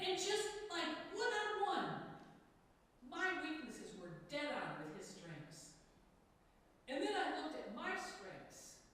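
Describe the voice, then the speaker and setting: A middle-aged woman gives an inspirational talk to an audience in a large hall, teasing herself with dry humor. Her fairly high voice swings lively up and down. It reaches the listener from a distance, wrapped in long hall reverb. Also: slight background noise. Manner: animated, self-mocking humor. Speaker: speaker addressing a women's audience. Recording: echoey hall from far off.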